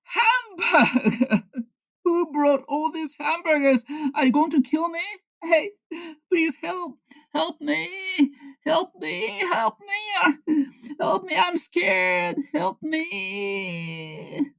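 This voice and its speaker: A rakugo storyteller voicing a timid young man who fakes terror while secretly hoarding food, in shrill panicked pleading. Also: animated, rapid-fire, gravelly, hardly any pauses, fairly bright tone, full character voice. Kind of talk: traditional comic storytelling.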